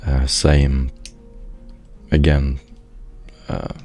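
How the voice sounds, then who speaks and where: A man narrating a tabletop game as game master, with a husky, gravelly voice and a slow, measured delivery. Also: very deep voice, level tone, darkish tone, soft background music.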